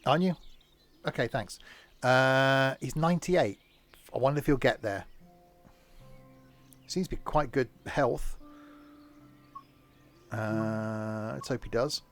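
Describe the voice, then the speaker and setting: A man's voice: mid-range voice, slow, pauses often, faint music behind. A British man chatting casually as he streams a train game, rambling into asides. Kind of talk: casual gameplay commentary.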